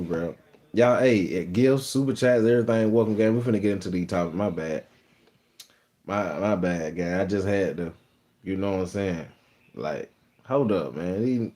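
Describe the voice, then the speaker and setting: A man's voice: on the low side, mellow. Boastful Texas man on a live stream. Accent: Texas Southern. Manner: boastful, rambling, slangy storytelling. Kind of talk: casual live-stream chat.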